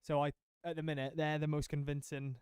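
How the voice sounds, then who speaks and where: A man commentating a surf contest in a casual, jokey way, chatty and quick to laugh. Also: on the high side, little pitch movement, darkish tone, clear, resonant tone, dry recording.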